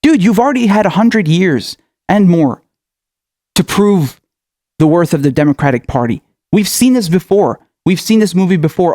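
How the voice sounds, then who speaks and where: A man's voice: high voice, expressive, a little fast, dark tone, no room sound, studio quality. A male political commentator in a furious, profane rant, firing off angry questions.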